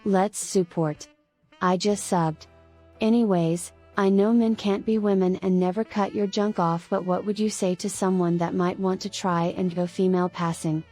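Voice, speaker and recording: A woman co-host reading viewer donation messages aloud in a plain, even way. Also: mid-range voice, normal speed, hardly any pauses, soft background music.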